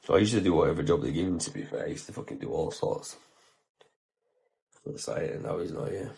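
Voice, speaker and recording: A man's voice: rumbling low, animated, a little fast, creaky, darkish tone. A man, a podcast host telling a story casually, with heavy swearing and slang and heartfelt talk.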